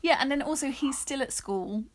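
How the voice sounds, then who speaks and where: A woman co-hosting a casual film chat, animated and jokey, often acting out lines. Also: sits high, normal speed. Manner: animated, jokey, acts out lines in put-on voices. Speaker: podcast co-host.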